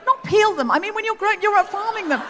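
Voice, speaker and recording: A woman's voice: very high-pitched, expressive, fast, fairly bright tone, some chatter behind. A woman hosting a live comedy podcast on a theatre stage, telling rambling, self-deprecating stories. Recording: long theatre reverb.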